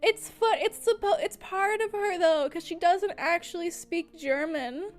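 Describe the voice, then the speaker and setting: Giggly high-voiced young woman streamer. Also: a little slow. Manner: giggly, laughs often mid-sentence; gushing, filler-heavy. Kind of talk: casual livestream chat.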